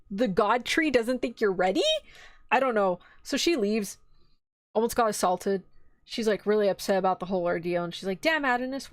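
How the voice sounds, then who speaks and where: A young woman streamer casually retelling an anime plot, rambling and animated, briefly jumping into quoted voices and swearing now and then. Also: mid-range voice, dry recording.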